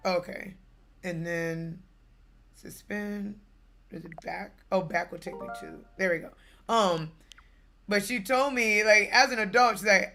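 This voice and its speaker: A young woman streaming games, telling a family story in a casual, animated way with bursts of laughter. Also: mid-range voice, a little slow, long pauses, soft background music. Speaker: gaming streamer.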